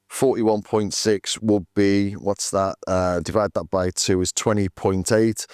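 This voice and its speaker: A man's voice: on the low side, smooth, no echo, studio quality. A man casually demonstrating drum machines, thinking aloud as he works through settings and numbers. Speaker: synth demo host.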